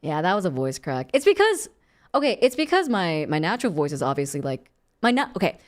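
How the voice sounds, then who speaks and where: A young woman streamer chatting casually and playfully. She mocks herself, breaks into loud laughter, and sometimes drops to a low, calm natural voice. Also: a little fast. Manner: playful, self-mocking, bursts of loud laughter. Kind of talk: casual live-stream chat.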